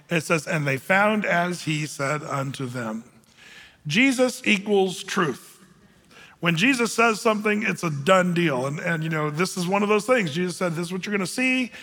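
A man pastor gives a verse-by-verse Bible teaching in a loose, conversational way, often stopping to restart a thought. His voice sits a bit high and sounds bright and forceful. The sound carries the long reverb of a large church hall. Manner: conversational, with frequent fillers and restarts.

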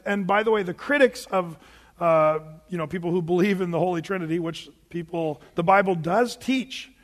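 A man's voice: sits high, in a large hall. A man preaching a conversational sermon, asking rhetorical questions and talking loosely with fillers. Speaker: pastor.

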